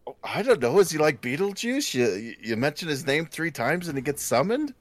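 A man's voice: on the high side, big pitch swings, a little fast, no room sound. A man as co-host in comedic chat, sounding groggy and bewildered.

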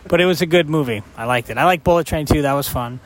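A man's voice: on the high side, fast. Rambling, joking middle-aged man. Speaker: podcast co-host. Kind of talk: casual chat.

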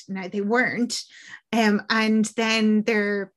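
An Irish woman chatting casually, telling a film's story in an animated way with lots of fillers. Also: mid-range voice, measured pace. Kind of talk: casual film recap chat.

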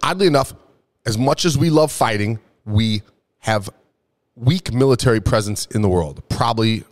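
A man's voice: medium pitch, moderate pace. A young man hosting a casual comedic talk show, rambling and swearing a lot while tipsy from drinking. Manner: profane, rambling, jokey. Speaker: podcast host.

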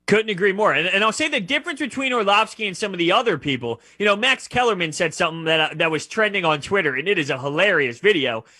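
High-pitched guy with a bright slightly husky voice, sports radio cohost, dry close mic, jumps in and argues. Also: no echo. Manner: animated, argumentative, quick to jump in. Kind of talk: casual sports talk.

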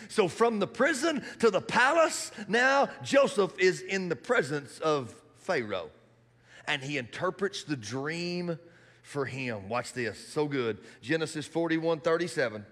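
A man preaching a sermon in a church hall, animated and building to shouts. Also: fairly high pitch, a little slow.

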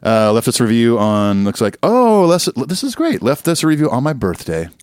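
A man's voice: mid-range voice, wildly swooping pitch, fairly quick, a little mellow, clean tone, no echo. A man co-hosting a podcast, joking loosely and restarting his sentences often. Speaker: podcast co-host. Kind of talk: casual podcast chat.

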